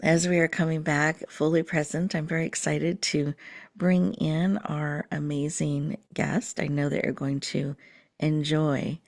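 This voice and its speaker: Woman, low voice, soothing guided meditation, slow and calm, drifts into whispers. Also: vocal fry. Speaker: host.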